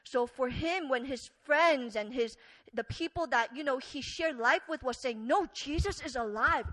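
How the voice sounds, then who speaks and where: Woman preacher, conversational sermon, earnest storyteller, unhurried, bright tone. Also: high voice, low-quality recording. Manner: earnest, storytelling, filler-heavy with wide swings in loudness.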